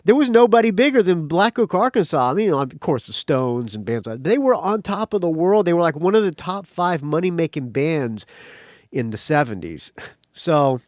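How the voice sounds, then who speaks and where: A man hosting a rock podcast, talking in a rambling, excitable way with a slight country accent and swearing freely. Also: on the high side, normal speed, no room sound, studio quality. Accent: slight American country accent. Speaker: podcast host. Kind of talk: casual solo intro.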